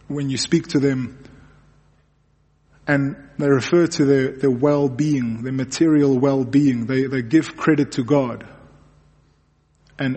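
A man's voice: mid-range voice, darkish tone, long reverb tail. A man preaching a sermon in an earnest way, often repeating words as he presses a point. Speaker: pastor.

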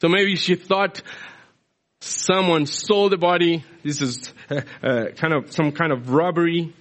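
A man's voice: fairly high pitch, steady tone, a little slow, a bit bright. A man from South America preaching a sermon in a conversational, explanatory way with frequent restarts.

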